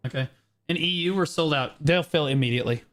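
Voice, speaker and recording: A man's voice: a little high, fairly bright tone. A man streaming live, walking viewers through a game gearing guide in a brash, profane, casual way, tagging his points with "okay". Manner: brash, profane, explains in quick bursts with many "okay"s. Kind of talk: casual livestream commentary.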